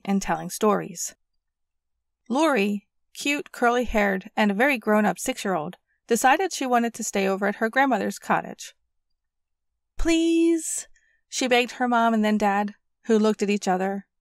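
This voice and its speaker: Brief: woman audiobook narrator, mid-range voice, gentle storytelling, very dry close studio sound. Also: medium pitch, no echo.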